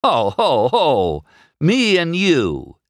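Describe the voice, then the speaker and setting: A man's voice: mid-range voice, huge pitch swings, a little slow, a bit bright, no echo, studio quality, voice pushed up. A man voicing a cocky young male race car in a storybook read-aloud, rude and impatient.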